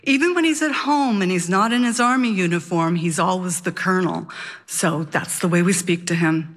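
A woman's voice: fairly low pitch, big-room sound. Woman telling a dramatic story. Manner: dramatic, with slow suspenseful pauses. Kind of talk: live personal storytelling.

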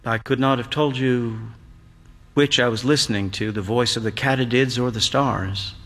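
An older man reading a literary story aloud in a quiet, reflective narrating voice. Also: medium pitch, steady tone, normal speed. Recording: long hall reverb.

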